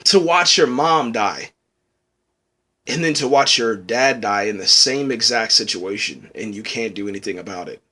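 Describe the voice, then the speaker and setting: Reviewing a TV episode, this man speaks at a moderate pace in a lowish, bright voice with a forceful tone. His talk is casual and rambling, peppered with "man" and restarts, and he becomes choked up and tearful.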